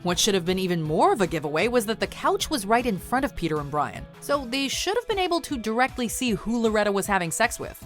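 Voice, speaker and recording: A woman reading a scripted countdown narration with a wry, lively delivery. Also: mid-range voice, quick pace, few pauses, soft background music.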